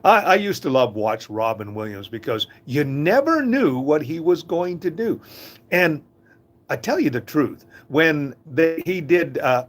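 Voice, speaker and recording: Lively older man telling folksy stories. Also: fairly high pitch. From Canada. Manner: chuckling, folksy, lively storyteller. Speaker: host of a short inspirational talk. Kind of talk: casual storytelling monologue.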